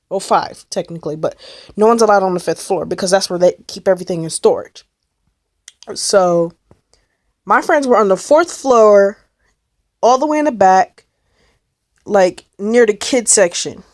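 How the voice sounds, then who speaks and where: A woman's voice: medium pitch, a little mellow, no echo, studio quality. Young woman rambling through a story. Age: young adult. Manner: rambling, breathless retelling with many likes and repeats. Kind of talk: casual storytelling vlog.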